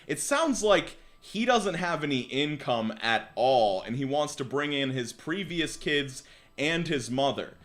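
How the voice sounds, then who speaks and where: Animated slangy young man streaming. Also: fairly high pitch, unhurried. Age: 20s. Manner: slangy, animated, swears casually. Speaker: livestream host reading forum posts. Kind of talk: casual live-stream chat.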